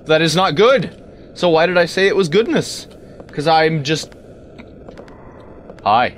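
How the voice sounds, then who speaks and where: A man doing let's-play commentary, talking to the game and bursting into exclamations. His voice sits a little high and swings widely, while he takes his time with the words. A faint hiss runs underneath. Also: a little slow. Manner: animated, talks to game objects, sudden exclamations. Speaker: gaming video creator.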